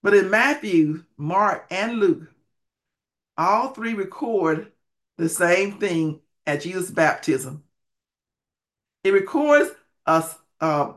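Bright high-voiced male preacher. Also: lively intonation, unhurried, long pauses. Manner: emphatic, repeats key phrases, swings between loud and hushed; folksy grammar. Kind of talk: sermon.

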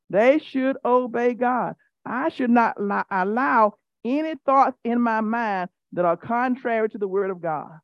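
A woman's voice: medium pitch, no echo, muffled recording. A woman giving a sermon as a Bible teacher, emphatic and repetitive, teasing her listeners directly. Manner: emphatic, repeats key phrases.

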